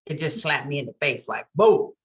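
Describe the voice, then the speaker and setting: A woman's voice: low voice, animated, moderate pace. A woman co-hosting a casual chat, telling her story candidly and laughing often. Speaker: co-host.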